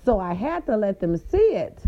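A woman hosting a podcast, telling a story in a casual, sassy way and swooping her voice up high for emphasis. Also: big pitch swings, moderate pace, lo-fi sound. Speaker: podcast host.

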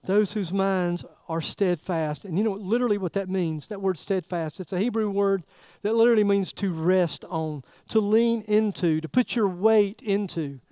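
A man preaching a sermon in a folksy, animated way, throwing rhetorical questions at the congregation. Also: high voice, clean tone, dry recording, clean studio sound. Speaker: pastor.

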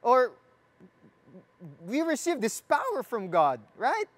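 A preacher gives a sermon and reads scripture aloud. The delivery is slow and deliberate, with phrases repeated, and the preacher asks the listeners questions and jokes with them. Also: sits high, huge pitch swings.

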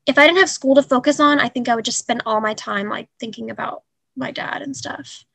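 A young woman telling a painful personal story in an interview, halting and earnest with many fillers. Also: fairly high pitch, creaky, bright, forceful tone, no echo. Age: young adult. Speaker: guest.

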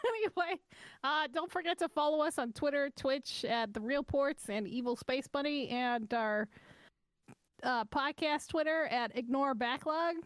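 A young woman co-hosting a podcast, her voice high and bright. She talks in loose, profanity-laced banter. The recording sounds close and dry. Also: measured pace, dry recording. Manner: profane, chatty and joking. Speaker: podcast co-host. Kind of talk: casual chat.

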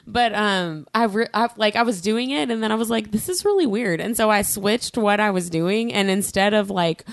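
A woman's voice: mid-range voice, dry recording, clean studio sound. A woman co-hosting a podcast in casual chat, rambling and self-deprecating, laughing often. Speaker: podcast co-host.

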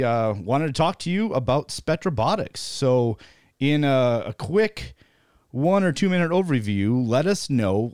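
A man's voice: mid-range voice, darkish tone, dry recording, studio quality. A man hosting a podcast in a loose, joking style, with frequent fillers as he introduces guests. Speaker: podcast host. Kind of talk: casual interview chat.

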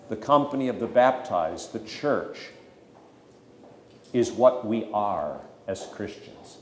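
A man's voice: mid-range voice, a little mellow. Male pastor teaching catechism, emphatic w dry jokes, echoey room. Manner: emphatic, conversational with dry humor. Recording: echoey room with faint ambient noise.

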